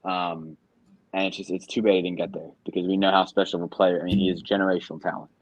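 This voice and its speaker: A man's voice: deep voice, little pitch movement, quick pace, no room sound, highs cut off. A man co-hosting a sports podcast in casual chat, talking loosely with frequent ums and trailing thoughts. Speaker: podcast co-host.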